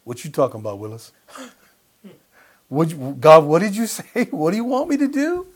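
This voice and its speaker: A preacher putting on a startled male disciple, baffled and incredulous, firing off disbelieving questions in a voice that climbs high. The husky, breathy tone stays underneath the surprise. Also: expressive, moderate pace. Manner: disbelieving, jokey, rising questions.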